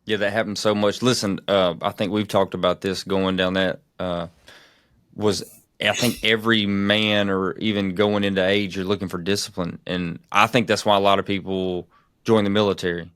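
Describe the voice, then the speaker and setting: Deep, flat-voiced male host. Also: moderate pace, clear, resonant tone, no room sound. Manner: emphatic, earnest, keeps checking for agreement. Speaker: podcast host. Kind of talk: casual interview talk.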